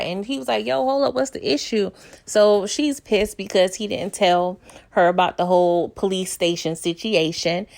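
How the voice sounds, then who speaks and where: Chatty woman with a gravelly low voice. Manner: chatty, addresses viewers as y'all. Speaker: TV recap vlogger. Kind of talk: casual recap chat.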